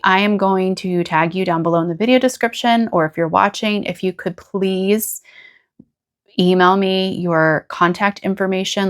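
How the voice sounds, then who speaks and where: A woman from the United States chatting casually as the host of a knitting podcast, gushing and rambling with small restarts. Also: fairly low pitch. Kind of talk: casual chat to camera.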